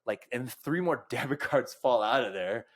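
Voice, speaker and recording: A man's voice: mid-range voice, animated, normal speed. A man hosting a podcast, telling a long anecdote in casual chat, full of fillers and quoted lines. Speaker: podcast host.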